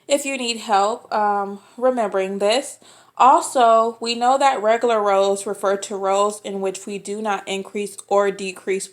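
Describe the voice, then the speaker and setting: Slow-talking woman teaching crochet. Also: mid-range voice. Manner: patient, repeats steps slowly with fillers. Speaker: crochet tutorial host. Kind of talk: step-by-step craft tutorial.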